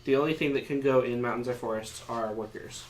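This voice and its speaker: A man's voice: medium pitch, steady tone, fast talker, slight background noise, low-quality recording. A man casually explaining board game rules to friends at a game night, patient and joking.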